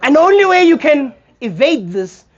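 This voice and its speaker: A man's voice: very high voice, normal speed, highs cut off. A young man with a South African accent performing a stand-up comedy set, acting out scenes as he tells stories. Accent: South African English. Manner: animated storytelling, acts out scenes. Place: comedy theater stage.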